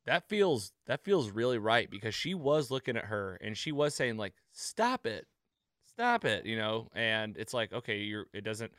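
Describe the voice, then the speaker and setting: A man's voice: on the low side, moderate pace, few pauses, no echo, clean studio sound. A man hosting a casual podcast recap, acting out quoted lines as he talks. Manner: animated, acts out quoted lines. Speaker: podcast host.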